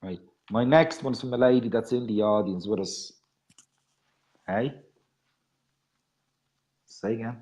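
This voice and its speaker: A male radio host who reads rhyming poems with softly trailing line ends, then chats in a self-mocking way between readings. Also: lowish voice, takes it slowly, long pauses, poor audio. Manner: soft, trailing ends of lines. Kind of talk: reading rhyming poetry and chatting.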